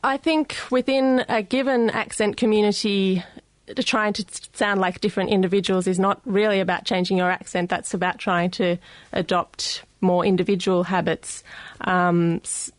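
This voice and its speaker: A woman with an Australian accent, a guest expert explaining speech science on a radio show in a studio, careful and measured with frequent ums. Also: medium pitch, little pitch movement, dry recording. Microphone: studio mic.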